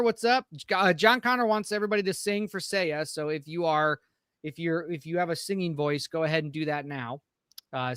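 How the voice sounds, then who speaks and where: A casual American man with a fairly high voice chats on a live podcast stream. He rambles and greets viewers by name, and his voice sounds dry and close. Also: fairly bright tone, smooth, no room sound. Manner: rambling, reads out chat names. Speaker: podcast co-host.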